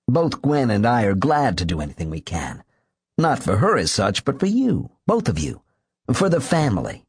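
A man reading the part of a polite, deliberate man trying to calm a hospital patient. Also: mid-range voice, slightly rough, heavily acted. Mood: placating. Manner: deliberate and placating.

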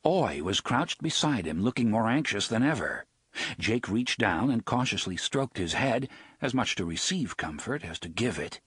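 A man narrating a novel as an audiobook in an expressive storytelling read. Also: fairly low pitch, normal speed, breathy edge, dry recording, clean studio sound. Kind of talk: scripted narration.

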